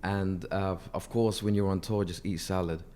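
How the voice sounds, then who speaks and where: A man who has lost his voice speaks hoarsely as an interview guest, earnest and often repeating words as he starts a sentence. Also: low-pitched, steady tone, normal speed, a little mellow, slight background noise. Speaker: artist manager, guest. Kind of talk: casual interview talk.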